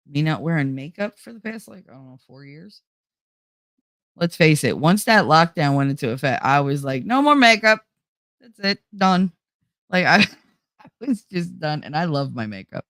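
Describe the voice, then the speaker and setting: A woman's voice: low voice, vocal fry, no echo. Woman, 40s, host: blunt and profane casual storyteller, dry close sound.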